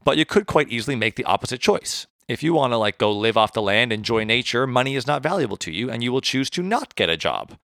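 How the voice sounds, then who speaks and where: Gravelly man explaining philosophy. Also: mid-range voice, fast talker, few pauses, no room sound, studio quality. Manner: animated, self-deprecating, stumbles over hard words. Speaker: podcast co-host. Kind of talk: casual explanatory chat.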